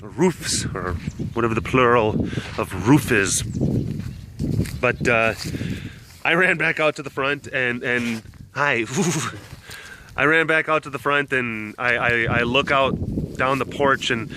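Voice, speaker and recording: A man's voice: medium pitch, slow, pauses often, noisy background. A young man casually telling a rambling story to the camera, acting out voices as he goes. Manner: rambling, animated, acts out voices. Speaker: vlogger with big cats.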